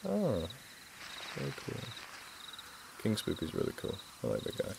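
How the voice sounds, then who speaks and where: Man doing a jokey Southern good-old-boy, lively chatty stream host, bouncy delivery. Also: fairly low pitch, normal speed, vocal fry, background noise, exaggerated voice. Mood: playful. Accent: put-on American Southern. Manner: playful, self-mocking, chatty. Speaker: livestream host. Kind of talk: casual live-stream chat.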